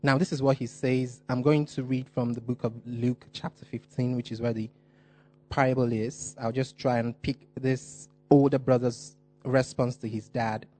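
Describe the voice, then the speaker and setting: A man preaching a sermon, stressing and repeating key phrases, slowing down on important words. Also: mid-range voice, fairly even intonation, warm tone.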